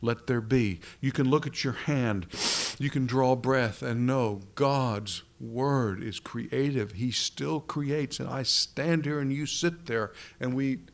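A man preaching a sermon into a pulpit microphone, slowing down for emphasis and sometimes dropping to a hush. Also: mid-range voice. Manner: dramatic preaching, slows down for emphasis, drops to a whisper at times.

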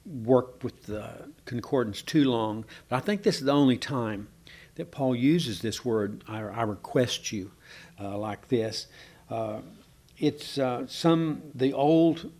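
A man's voice: medium pitch, animated, unhurried, darkish tone. A man with a drawl walks his congregation through a Bible text. He is informal and searching, halts on fillers, and often turns to ask his listeners what they think. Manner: conversational, asks the room questions, hesitant with many fillers. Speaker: preacher.

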